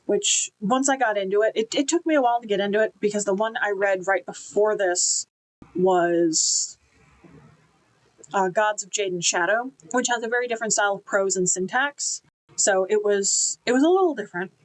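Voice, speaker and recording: A woman talks through a book review in a loose, chatty way. Her voice sits at an ordinary middle pitch, and she stays enthusiastic, restarting sentences as she goes. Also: moderate pace, low-quality recording.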